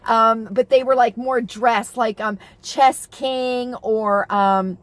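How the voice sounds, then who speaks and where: A middle-aged woman talks chattily to her viewers, wandering from thought to thought with lots of fillers and restarts. Her voice sits a little on the high side, and she gushes with feeling. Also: steady tone, takes it slowly, dry recording. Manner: gushing and emotional about TV shows. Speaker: vlogger. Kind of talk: casual chat to camera.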